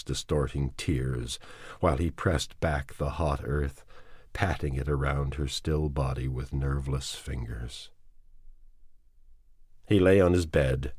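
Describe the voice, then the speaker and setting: A man reading a novel aloud as audiobook narration, in a measured and somber way. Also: very deep voice, darkish tone, husky, no echo, studio quality. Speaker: audiobook reader.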